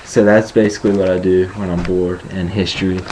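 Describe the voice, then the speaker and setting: A young man rambles through a casual vlog, cracking jokes and boasting as he goes. His voice is very deep. A faint hiss sits under the recording. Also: flat delivery, brisk.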